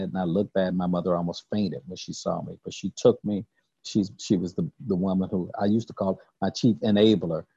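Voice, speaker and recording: An older man giving an earnest personal recovery testimony, halting and repeating words as he tells his story. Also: dark tone, no echo, highs cut off. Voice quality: deep gravelly husky voice. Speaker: recovery speaker.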